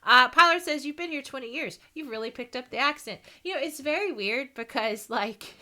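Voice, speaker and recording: Bright-voiced giggly American woman streamer. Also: high voice, animated, brisk. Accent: American, light Texan. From Texas, US. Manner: chatty, giggly, rambling. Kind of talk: casual stream chat.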